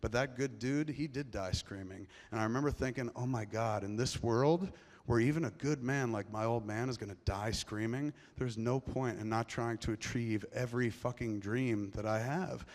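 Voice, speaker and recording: A filmmaker with a mid-range voice tells a profane, rambling story on stage at a moderate pace before a live audience in a large theater, swinging between hushed and loud. The long reverb of the big hall is audible.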